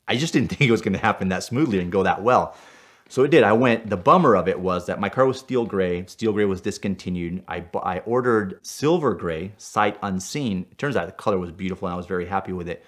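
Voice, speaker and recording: A man from Puerto Rico telling a car story in an animated way, with loud bursts when he relives his anger. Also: deep voice, a little fast. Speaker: storyteller guest.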